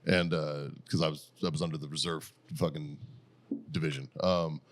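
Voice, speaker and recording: A man's voice: very deep voice, flat delivery, normal speed. A middle-aged American man telling profane stories in casual podcast chat, laughing often as he goes. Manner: profane, storytelling, laughs a lot. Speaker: podcast host.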